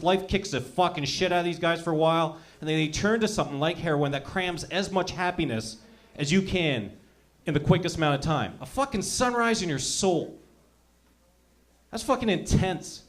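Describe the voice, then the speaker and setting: Profane, high-pitched stand-up comedian man. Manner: profane, rambling, animated storytelling.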